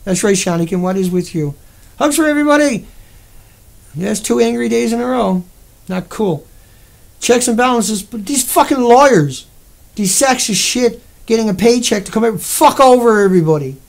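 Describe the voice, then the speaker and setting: Gravelly high-voiced Newfoundland man ranting. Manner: heated, profane, rambling. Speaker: livestream host. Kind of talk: angry livestream rant.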